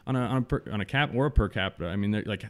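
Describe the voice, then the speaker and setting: A man's voice: lowish voice, rapid-fire. A man with a frank, rambling way of talking, chatting casually as a hemp farmer on a podcast.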